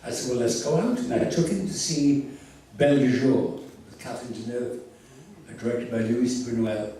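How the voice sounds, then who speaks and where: Animated older man telling stories in hall. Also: medium pitch, moderate pace. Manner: theatrical, animated storyteller with laughs. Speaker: convention guest. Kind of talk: anecdotal storytelling. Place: convention hall. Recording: echoey hall from far off, faint noise.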